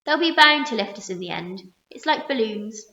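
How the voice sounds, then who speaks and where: A woman voicing an earnest, resourceful young boy who calmly explains his plan in a storybook reading. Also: fairly high pitch, normal speed. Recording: roomy muffled recording.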